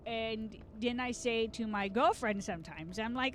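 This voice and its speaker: A woman's voice: on the high side, moderate pace, hardly any pauses, a little hiss or hum. A young woman streamer with a slight Southern US accent, chatting casually while she plays, rambling and joking and swearing freely. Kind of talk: casual gaming stream chat.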